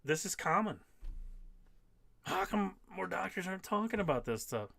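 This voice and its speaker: Hosting a casual live stream, a man in his fifties reads viewer comments aloud and responds emphatically, often repeating key phrases. His voice sits high and is very animated, a bit bright with vocal fry, at a moderate pace with no echo.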